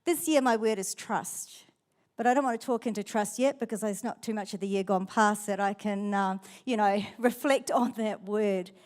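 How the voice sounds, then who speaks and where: A woman's voice: mid-range voice, normal speed, a little mellow. A middle-aged woman pastor with a New Zealand accent, preaching a sermon in a chatty, storytelling way.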